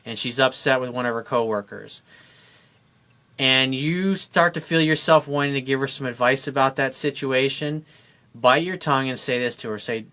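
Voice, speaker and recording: A man's voice: mid-range voice, fairly even intonation, normal speed, pushed and bright. A man giving blunt, emphatic relationship advice as a dating coach, speaking straight to his viewers. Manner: blunt, emphatic, acts out both sides of a couple's talk. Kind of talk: direct-to-camera advice monologue.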